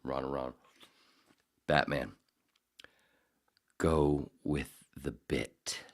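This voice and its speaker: Deep-voiced man rambling on a podcast. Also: fairly even intonation, drawn-out words. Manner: profane, jokey, slips into impressions. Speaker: podcast host. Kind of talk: casual solo podcast rambling.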